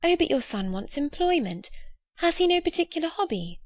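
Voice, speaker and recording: A woman's voice: high voice, big pitch swings, normal speed, no room sound, pitched above the performer's own voice. A woman voicing a polite, flustered young woman with a prim, eager way of talking.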